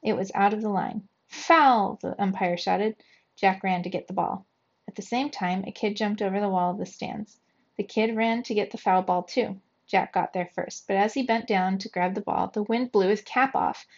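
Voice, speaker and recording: A woman's voice: mid-range voice, normal speed. Woman reading a kids' book aloud. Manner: steady, clear reading with lively quoted shouts. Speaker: storybook reader for young children. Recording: dull lo-fi recording.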